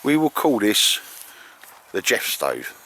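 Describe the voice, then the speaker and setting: Joking bloke in the woods. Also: male voice, fairly low pitch, huge pitch swings, slow pace, sharp tone, slight background noise. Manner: joking, teasing, chatty. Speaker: bushcraft vlogger. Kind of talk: casual banter with friends. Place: outdoors in woods on a cold day.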